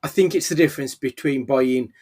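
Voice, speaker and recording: A man's voice: medium pitch, a little fast, darkish tone, husky. An English man chatting in an easygoing way. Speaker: podcast co-host. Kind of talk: casual chat.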